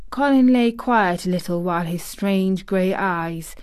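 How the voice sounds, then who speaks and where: Slow, measured woman narrator. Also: lowish voice, a little mellow, clear, resonant tone. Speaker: audiobook reader. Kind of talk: scripted narration.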